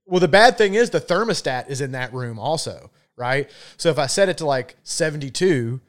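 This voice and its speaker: A man's voice: a little high, lively intonation, normal speed. A man co-hosting a casual podcast, ranting and swearing freely. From Florida, USA. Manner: profane, ranting, exasperated. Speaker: podcast co-host.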